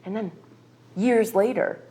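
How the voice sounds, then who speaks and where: A woman's voice: medium pitch, slow, dark tone. A woman in her thirties from the US sharing an earnest, confessional personal testimony at a recovery meeting, emphatic and full of asides like "like" and "right".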